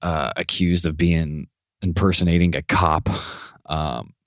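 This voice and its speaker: A young man co-hosting a podcast, casual chat, swearing a lot and retelling a story with lively impressions. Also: low voice, measured pace, dry recording, clean studio sound. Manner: profane, animated retelling with rising shouty impressions. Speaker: podcast co-host.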